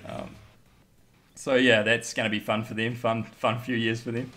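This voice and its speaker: A man's voice: medium pitch, level tone, moderate pace, pushed and bright, soft background music. A young man, giving blunt, casual rugby opinions with swearing and frequent laughs. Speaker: guest pundit.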